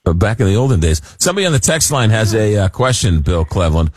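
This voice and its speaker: A male talk radio host with a lively, up-and-down voice, chatting and joking as he reads out texts from listeners. The sound is dry and close to the mic. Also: fairly low pitch, quick pace, breathy edge, dry recording. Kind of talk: casual radio chat.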